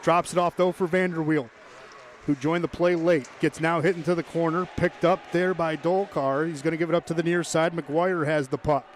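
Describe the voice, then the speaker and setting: A man calling live hockey play-by-play, brisk and chatty, tossing in joking asides. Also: fairly high pitch, fairly even intonation, a little hiss or hum. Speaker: play-by-play commentator.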